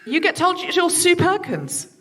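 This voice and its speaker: A woman's voice: extremely high pitch, sing-song, measured pace, a bit bright. A woman hosting a comedy podcast in front of a live audience, reading announcements and chatting with her co-host.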